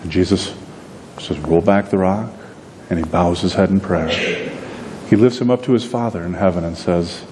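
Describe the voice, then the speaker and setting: A man's voice: moderate pace, darkish tone. A man preaching a sermon in a conversational storytelling manner, acting out bits of dialogue. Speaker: pastor. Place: church sanctuary. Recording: long reverb with faint rumble noise.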